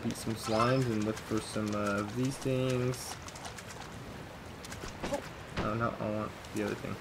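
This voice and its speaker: A man's voice: fairly low pitch, fairly even intonation, slow, heavy background noise. Man mumbling casual gameplay commentary. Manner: mumbles to himself, reads game text aloud. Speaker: let's play host.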